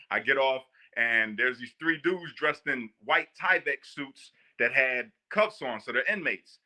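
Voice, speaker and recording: A man from Northwest Indiana casually telling a story in an animated, slangy way. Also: a little high. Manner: animated, slangy, laughs often. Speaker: guest storyteller.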